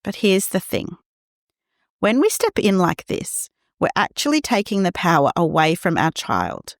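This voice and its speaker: A woman hosting a parenting podcast, talking gently and reassuringly, acting out quoted lines in a scripted monologue. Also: lowish voice, huge pitch swings, unhurried, no room sound, clean studio sound.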